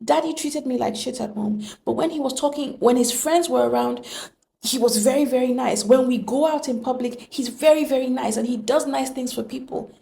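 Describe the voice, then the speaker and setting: Woman, motivational monologue, emphatic rhetorical questions, mellow dark tone, gravelly. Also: sits high, normal speed, a little hiss or hum. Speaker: relationship speaker.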